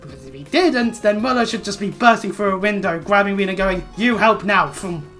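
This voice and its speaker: A woman's voice: mid-range voice, a little fast, faint music behind. A woman streaming a video game, chatting casually, joking and swearing freely as she plays.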